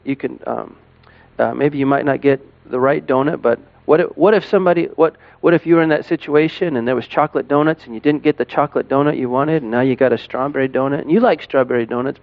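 Gravelly-voiced man rambling with many restarts. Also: on the high side, dry recording, highs cut off. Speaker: parent. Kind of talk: casual monologue to camera.

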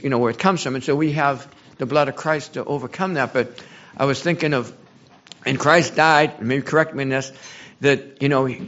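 A man sharing at a church gathering, halting and repeating himself, then growing emotional and impassioned. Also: fairly high pitch, a bit bright, dull audio. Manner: halting, repeats words, rising to impassioned outbursts. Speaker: church group member sharing. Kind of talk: emotional testimony.

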